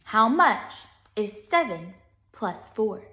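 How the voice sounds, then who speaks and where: A woman voicing a cranky, bullying schoolteacher who snaps and shouts at her class in a storybook reading. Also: medium pitch, sing-song, slow pace, reverberant, exaggerated voice. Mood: menacing. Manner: snapping and shouting, then mocking.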